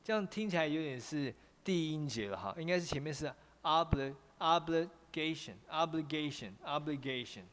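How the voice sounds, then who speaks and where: Teaching English pronunciation online, this Taiwanese-accented man talks fast in a slightly high, sing-song voice with few pauses. The sound has a big-room quality, and he frequently repeats himself and switches to Mandarin.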